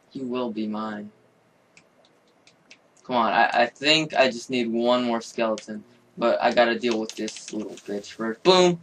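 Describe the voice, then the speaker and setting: A young man commentating his own game, excitable and swearing, with sudden yelling outbursts. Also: mid-range voice, unhurried, far from the mic, a little hiss or hum. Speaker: gamer.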